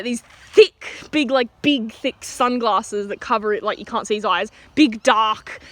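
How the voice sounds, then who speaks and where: A teenage girl with an Australian accent tells a storytime rant outdoors. Her voice sits high and jumps around a great deal in pitch. She talks in a chatty, giggly way, full of fillers and restarts. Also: a bit bright. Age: teens. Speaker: vlogger.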